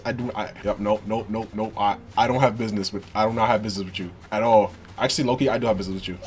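A man giving excitable, slangy, joking commentary while playing a video game, swinging from low mutters to yells. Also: fast talker. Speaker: gaming streamer. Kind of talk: let's play commentary.

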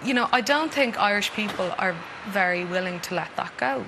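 A woman's voice: mid-range voice, animated, normal speed, creaky, background noise. A woman interviewed for a documentary, speaking thoughtfully and articulately.

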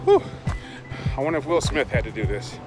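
A man's voice: mid-range voice, expressive, very fast. A man talking to his camera on a city street, out of breath and chatty, poking fun at himself. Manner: chatty, self-mocking. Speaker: vlogger. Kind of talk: on-location vlog talk. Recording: loud music over street sound.

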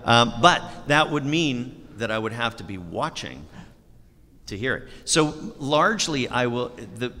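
Lively self-deprecating man in echoey hall. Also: medium pitch, unhurried. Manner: self-deprecating, laughs often, acts out quoted remarks. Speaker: voice actor panel guest. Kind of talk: convention panel Q&A. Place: large convention hall.

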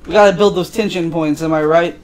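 A man's voice: fairly high pitch, fairly even intonation, a little fast. A man casually commentating a video game, crude and profane, loosely recapping the story as he plays. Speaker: let's play gamer.

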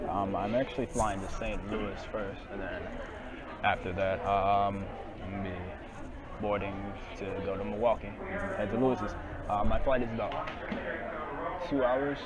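A young man filming a casual travel vlog in an airport, tired, rambling with lots of fillers. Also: fairly low pitch. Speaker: vlogger. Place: airport terminal. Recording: busy airport crowd chatter.

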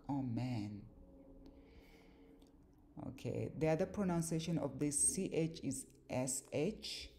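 Slow, very low-voiced woman teaching. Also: warm tone. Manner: spells out sounds syllable by syllable, repeats phrases, fillers "um" and "like". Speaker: channel host explaining word meanings. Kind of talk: slow deliberate teaching monologue.

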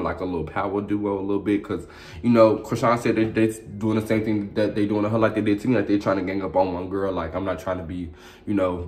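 A young man giving a brash, profane, sassy commentary in a casual video review. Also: on the low side. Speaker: reality show reviewer.

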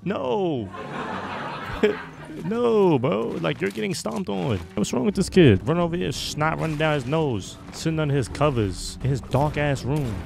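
A man's voice: on the high side, animated, a little slow, vocal fry, background noise. A man streaming a game with casual commentary and playful trash talk aimed at other players.

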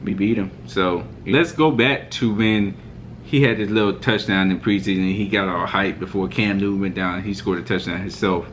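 A man's voice: low-pitched, steady tone, moderate pace, slight background noise. A man vlogging a heated, mocking sports reaction rant. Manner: mocking, fired-up ranting.

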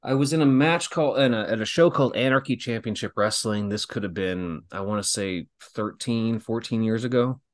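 A man in his thirties, a wrestling guest, telling stories casually with lots of laughs and acted-out quotes. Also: lowish voice. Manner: animated, laughing storyteller who acts out quotes. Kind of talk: casual storytelling.

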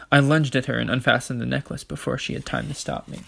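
A man reading a children's novel aloud in a plain, unhurried narrating voice. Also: mid-range voice, fairly even intonation, vocal fry, fairly bright tone. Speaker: audiobook reader.

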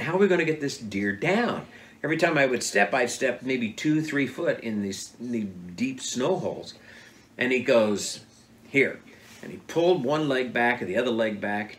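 A man telling his son true hunting stories in a relaxed interview, acting out the dialogue as he goes. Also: mid-range voice. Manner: animated, acts out quoted dialogue. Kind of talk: casual storytelling interview.

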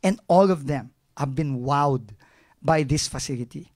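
A middle-aged Filipino man who heads a government agency answers press questions frankly and emotionally, slipping into Tagalog phrases. He speaks with a Filipino accent in a slightly high, somewhat mellow voice at a measured pace.

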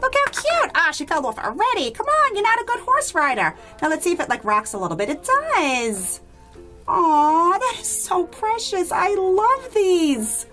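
A woman's voice: very high-pitched, big pitch swings, measured pace, sharp tone, faint music behind. A woman hosting a toy unboxing vlog, gushing with enthusiasm and talking to her viewers as guys. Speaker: toy unboxing channel host.

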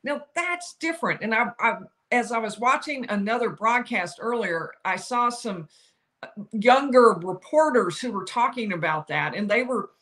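With a fairly high voice at an ordinary speed, this older woman delivers legal commentary by herself, explaining what each side argues and animatedly quoting the lawyers involved.

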